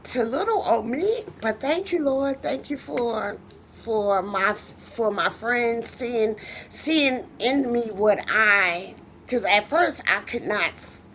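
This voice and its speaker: Lively storytelling woman guest. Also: mid-range voice, slight background noise. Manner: animated storytelling, acting out quoted voices. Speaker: guest author. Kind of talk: casual interview chat.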